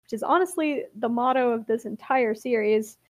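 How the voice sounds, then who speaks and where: A woman's voice: fairly high pitch, normal speed, no echo. A young woman hosting, giving a chatty, wry comic recap of a game's plot and laughing often.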